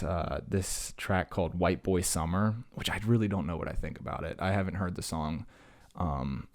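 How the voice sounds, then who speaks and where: A young man with a very low, deep voice talks loosely as a podcast host. He rambles from thought to thought, full of "uh" and "like," joking at his own expense. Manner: rambling, jokey, self-deprecating, lots of fillers. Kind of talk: casual solo chat.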